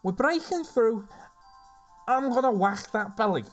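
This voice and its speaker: A man voicing an excitable, impulsive young woman adventurer in a put-on high Scouse accent. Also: very fast, dull audio, soft background music. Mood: gleeful.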